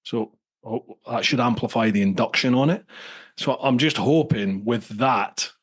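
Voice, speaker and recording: Brief: male podcast host, rambling casual chatter, mid pitch. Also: unhurried. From England. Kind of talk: casual chat.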